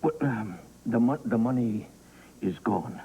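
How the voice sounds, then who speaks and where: A man's voice: mid-range voice, unhurried, warm tone, slightly rough, rough recording. An actor playing a flustered, stammering man in a soap opera.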